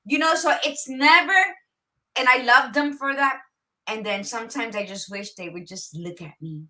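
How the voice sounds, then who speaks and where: A woman's voice: sits high, fairly even intonation, fairly quick, pushed and bright, rough recording. A woman co-hosting a podcast in casual chat, blunt and profane, with no-nonsense advice. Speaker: podcast co-host.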